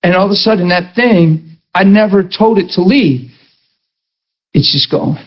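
A man's voice: sits high, measured pace. A man preaching a sermon testimony, telling a story and acting out the dialogue, with emphatic rising peaks. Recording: dull lo-fi sound.

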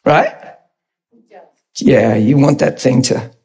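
A man's voice: medium pitch, slow, creaky, mellow, husky. A man preaching a conversational sermon in an informal, plain-spoken way, often checking in with his listeners.

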